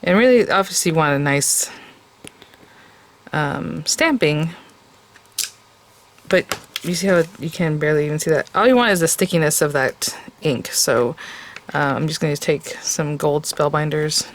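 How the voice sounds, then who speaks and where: A woman's voice: deep voice, normal speed, pauses often, a little hiss or hum. A woman hosting a casual step-by-step craft tutorial, chatty and enthusiastic and talking straight to her viewers.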